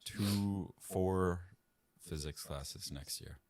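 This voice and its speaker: A man's voice: low voice, drawn-out words, a little mellow. A young man co-hosting a casual podcast, laid-back, mostly giving short replies and asides. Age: young adult. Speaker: podcast co-host. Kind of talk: casual chat.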